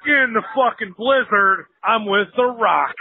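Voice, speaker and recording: A male caller leaving an excited, profane voicemail. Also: high voice, a little slow, gravelly, slightly rough. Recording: tinny phone voicemail.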